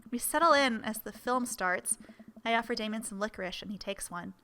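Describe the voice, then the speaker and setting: A woman's voice: fairly high pitch, fairly quick, pushed and bright. A woman hosting a let's-play, reading a dating game aloud and adding playful, chatty asides to the characters.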